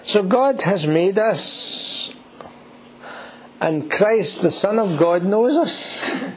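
Guy preaching in church, voice sits a bit high, earnest, keeps asking the room questions, faint hiss behind. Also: animated, very slow, low-quality recording. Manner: earnest, repeats key words, asks the congregation rhetorical questions. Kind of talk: sermon.

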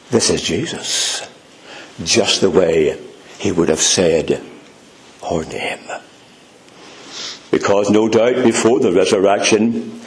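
A man's voice: lowish voice, reverberant. A man with a Northern Irish accent preaching a sermon, earnest and emphatic, speaking directly to his listeners. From Northern Ireland. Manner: earnest, emphatic preaching, addressing "dear friends".

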